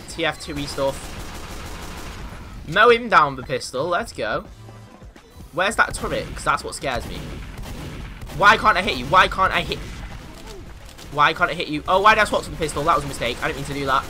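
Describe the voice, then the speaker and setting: Excitable guy commentating his game, super bright voice, bounces all over the place, jokey bragging. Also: a little high, fairly quick, soft background music. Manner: excitable, mock-boastful, yelps and laughs in panic. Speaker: gamer commentating his own play. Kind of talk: casual gameplay commentary.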